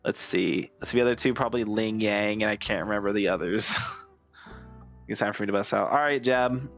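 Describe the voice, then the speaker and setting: A man streaming a game live, chatting casually and excitably with his viewers and swearing freely. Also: fairly low pitch, normal speed, faint music behind. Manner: profane, excitable, talks to chat.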